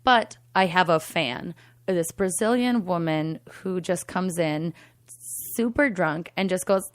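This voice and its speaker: A young adult woman, a comedian, telling a story in a casual interview, animated and swearing, acting out the voices of the people in it. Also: lowish voice, unhurried, no echo, clean studio sound. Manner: animated, swearing, acts out voices in her stories. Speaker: comedian and singing waiter.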